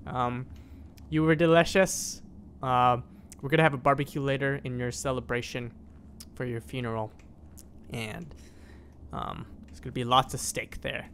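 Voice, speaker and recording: Excitable man rambling over gameplay. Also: on the high side, fairly quick, soft background music. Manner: excitable, rambling, playfully dramatic. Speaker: gaming channel host. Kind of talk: gameplay commentary.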